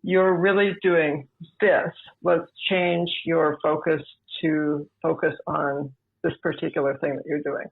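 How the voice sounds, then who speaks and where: A woman, a podcast guest, telling her own story in a measured, deliberate way over a remote line. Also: low-pitched, steady tone, vocal fry, breathy edge. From United States. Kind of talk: personal storytelling. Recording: tinny phone-like remote line.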